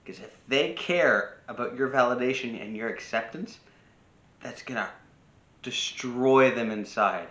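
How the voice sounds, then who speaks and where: A man's voice: medium pitch, a little slow, a bit bright, echoey room. A man giving casual spoken advice on parenting, talking freely with restarts and acting out short quoted lines. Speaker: personal growth speaker.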